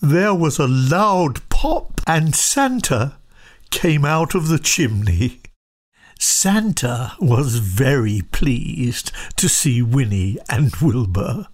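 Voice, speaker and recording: Slow, husky storybook reader. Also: medium pitch, sing-song. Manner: soft, often half-whispered, gentle storytelling. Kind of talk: reading a children's picture book aloud.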